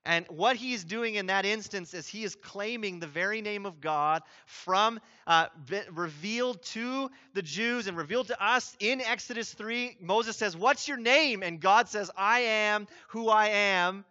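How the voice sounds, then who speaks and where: A male pastor delivers an earnest sermon, his voice high and bright. He presses hard on key points and lifts to emphatic peaks. The recording is somewhat muffled and lo-fi. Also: measured pace, few pauses.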